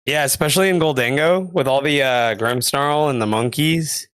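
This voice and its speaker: A man co-casting a live card game tournament, relaxed and slangy in casual chat. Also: medium pitch, normal speed, clean tone, no room sound, clean studio sound. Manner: laid-back and slangy. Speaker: co-caster.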